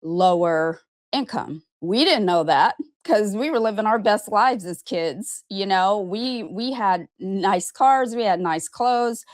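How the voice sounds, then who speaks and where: A woman's voice: medium pitch, animated, slow pace, dry recording, studio quality. A woman in her fifties from Arizona who talks frankly and emphatically to camera about her own life, with casual swearing and a repeated "okay?". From Arizona, USA. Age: 50s. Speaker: vlogger and podcast host. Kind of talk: candid personal monologue to camera.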